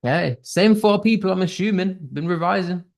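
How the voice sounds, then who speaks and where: A man's voice: sits high, a little fast, creaky, darkish tone. A man with a British accent teaching an online English class, upbeat and thinking aloud as he reads out quiz answers. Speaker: English tutor.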